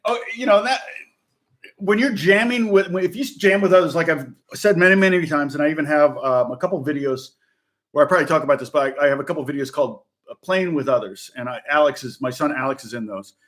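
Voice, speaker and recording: A middle-aged American guitar teacher chats casually on a live stream, rambling, laughing often and restarting his sentences frequently. His voice is on the high side and fairly bright, and he talks fast.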